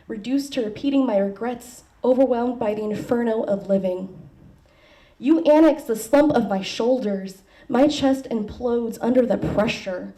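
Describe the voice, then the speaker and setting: A woman at an open mic, bubbly and giggly as she chats, then reading her poem in a measured way. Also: on the high side, warm tone. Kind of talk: poetry reading after casual chat. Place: open mic at a poetry library. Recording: distant mic in a room.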